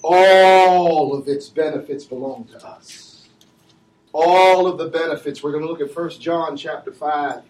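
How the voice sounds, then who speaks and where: A man preaching a sermon and calling for responses from the congregation, swinging between shouted lines and low asides. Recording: echoey church from far off.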